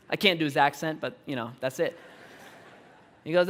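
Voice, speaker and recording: A man in his thirties preaching a sermon, telling a personal story in an animated, self-deprecating way and laughing often. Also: a little high, a little fast, long reverb tail. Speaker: pastor. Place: large church auditorium.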